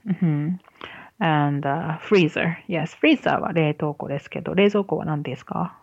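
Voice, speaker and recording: Low-voiced woman chatting on a podcast. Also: a little fast, vocal fry, breathy edge, no room sound, lo-fi sound. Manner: chatty, laughs often, explains words. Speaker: podcast host. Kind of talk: casual chat, telling a joke.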